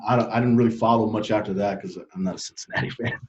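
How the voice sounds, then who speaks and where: A man's voice: fairly low pitch, rapid-fire, crowd noise. Earnest male guest, dull lo-fi sound. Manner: earnest, animated storyteller with frequent laughs. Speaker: podcast guest. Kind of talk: casual storytelling interview.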